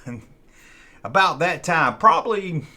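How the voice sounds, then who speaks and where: A man's voice: fairly high pitch, big pitch swings, unhurried, sharp tone. A man hosting his channel, telling a childhood story in a rambling, folksy way and often repeating himself. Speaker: channel host. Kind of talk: casual storytelling.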